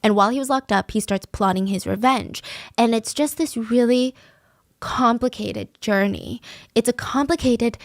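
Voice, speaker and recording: A woman's voice: fairly high pitch, moderate pace, no echo, studio quality. Chatty woman telling a crime case. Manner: conversational, animated asides, raises voice for quoted lines. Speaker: true crime podcast host. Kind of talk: casual storytelling narration.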